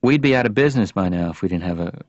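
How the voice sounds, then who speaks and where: A smug, deadpan video clerk. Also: male voice, deep voice, rapid-fire, dry recording. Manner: dry, sarcastic deadpan. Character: smug, sarcastic male video store clerk. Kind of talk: deadpan cartoon dialogue. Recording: dull lo-fi audio, faint hiss.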